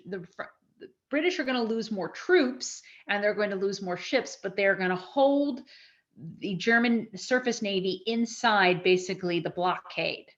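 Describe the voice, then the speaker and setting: Lecturing live on history before an audience, a woman with a mid-range voice talks animatedly and conversationally, often restarting her sentences. The audio is lo-fi.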